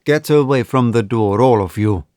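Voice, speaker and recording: Cool young storybook safecracker, calm and curt, narrator playing him. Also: male voice, mid-range voice, normal speed, no echo, studio quality, lightly acted.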